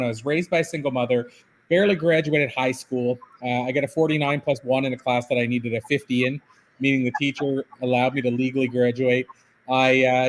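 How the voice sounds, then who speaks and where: A man from Canada speaks as a guest author on a podcast. He talks in a casual, rambling way and pokes fun at himself as he tells his story. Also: mid-range voice. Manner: casual, self-deprecating, rambling. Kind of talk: podcast interview. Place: office by a waterfront.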